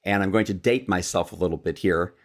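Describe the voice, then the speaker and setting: A man from Chicago tells stories as a podcast guest. His speaking voice sits very low, and he is a lively storyteller who acts out quoted lines. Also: brisk.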